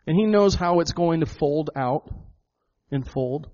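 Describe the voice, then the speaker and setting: A man preaching a sermon in a church hall, his voice on the high side for a man. He speaks with emphatic conviction, doubling words as he presses his points to the congregation. The recording is dull and lo-fi. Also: a little slow, warm tone. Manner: emphatic, repeats words, addresses the congregation as folks. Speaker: pastor.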